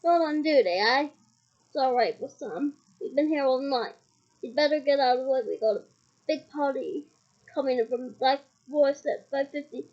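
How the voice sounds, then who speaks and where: A woman's voice: high-pitched, normal speed, highs cut off, lightly acted. A woman voicing a tired, grumpy Scottish male wizard official in a storybook reading, speaking curtly. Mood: weary. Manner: tired, curt.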